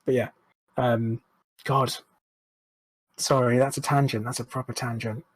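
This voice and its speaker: A man's voice: medium pitch, little pitch movement, unhurried, breathy edge, dry recording, rough recording. A man, speaking frankly and reflectively as a podcast guest, swearing now and then. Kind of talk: candid interview chat.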